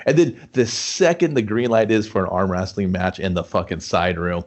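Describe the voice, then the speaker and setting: A man co-hosting a casual movie review chat, swearing a lot and acting out scenes in gruff put-on voices. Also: on the low side, fairly quick, hardly any pauses. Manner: profane, animated, acts out scenes in gruff voices. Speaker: podcast co-host.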